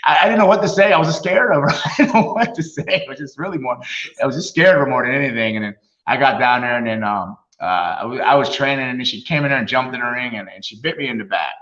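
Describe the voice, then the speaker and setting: A middle-aged man spins animated stories, laughing often and acting out what others said. His voice is bright and forceful. The sound is roomy and a little dull, like a lo-fi recording. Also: mid-range voice, quick pace. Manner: animated storyteller, laughs often, acts out quotes. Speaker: guest, retired wrestler. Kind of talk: casual storytelling interview.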